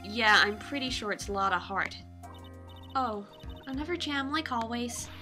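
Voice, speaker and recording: A woman's voice: fairly high pitch, a little slow, bright, forceful tone, faint music behind. A woman voicing a cheerful, chatty young woman medium in a video game read-along.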